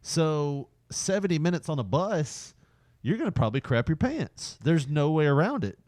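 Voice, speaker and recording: A man's voice: on the high side, very animated, darkish tone, no echo, clean studio sound. A man co-hosting a podcast, telling a long, rambling personal anecdote in casual chat and laughing often as he goes. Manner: rambling, drawn-out anecdote told with frequent laughter. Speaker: podcast co-host.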